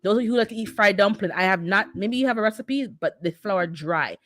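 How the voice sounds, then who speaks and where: A woman's voice: medium pitch, fairly quick, fairly bright tone, no room sound, clean studio sound. A middle-aged woman who immigrated to North America, hosting a casual livestream and chatting back to her viewers' comments. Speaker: livestream host reading the chat.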